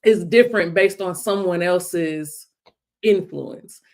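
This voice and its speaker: A woman's voice: lowish voice, takes it slowly, a little mellow. Reflective woman co-hosting a talk show. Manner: thoughtful, self-questioning. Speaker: co-host.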